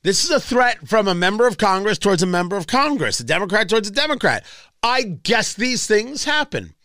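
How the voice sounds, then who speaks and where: A man's voice: high-pitched, very animated, fairly quick, sharp tone, no echo, clean studio sound. A man hosting a political talk radio show, delivering a sarcastic, mocking monologue full of rhetorical questions. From Indianapolis area.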